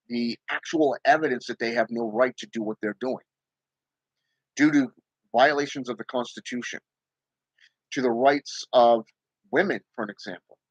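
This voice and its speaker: The recording sounds rough and has no room sound, carrying a man's medium-pitched voice. He runs his own channel and talks casually but emphatically about spirit work in a livestream, frequently asking "okay?" and dropping "you know."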